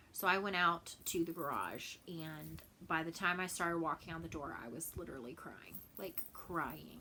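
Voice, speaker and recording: A woman's voice: lowish voice, sharp tone, a little hiss or hum, poor audio. A woman from Texas in a casual home vlog, chatting and rambling with many fillers and repeated words. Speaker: cross stitch vlogger. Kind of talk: casual chat.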